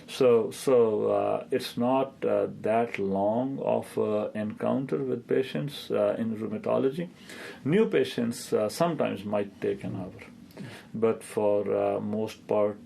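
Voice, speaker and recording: A rheumatologist in his fifties answers interview questions and tells stories in a hesitant way, full of filler sounds. His voice is fairly low, creaky, and warm, with a breathy edge.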